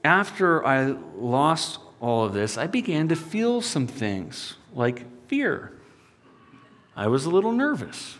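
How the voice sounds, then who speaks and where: Animated preacher in a reverberant hall. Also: male voice, a little high, slow pace. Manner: storytelling with sudden swings from loud to hushed. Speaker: pastor. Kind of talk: sermon.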